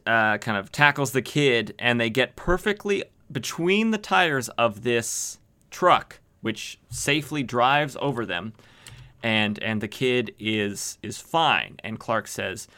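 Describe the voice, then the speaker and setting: A man hosting a comic book podcast, retelling an old story in a sarcastic, jokey way with quick silly voices for the characters. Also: mid-range voice, sharp tone. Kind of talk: casual comic recap.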